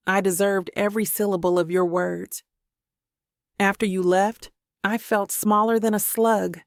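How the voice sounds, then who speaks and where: A woman's voice: mid-range voice, gravelly, no room sound, clean studio sound. Woman voicing a tender, apologetic husband. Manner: soft, sincere, pleading. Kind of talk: audiobook character voice.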